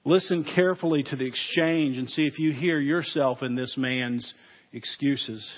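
A man's voice: mid-range voice, normal speed. A male pastor preaching a sermon, earnest and direct, putting searching questions to his congregation. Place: church. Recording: dull, echoey church sermon recording.

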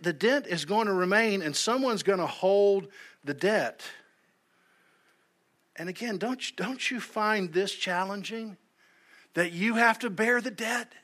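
A man's voice: sits high, pushed and bright. A male pastor preaching a sermon in an earnest way, often repeating words as he starts a sentence. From United States.

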